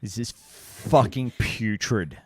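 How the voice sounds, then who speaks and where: A man's voice: on the low side, slow pace, husky. Blunt, profane male streamer. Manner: blunt, profane, scornful remarks. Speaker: streamer commentating. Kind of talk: live reaction commentary.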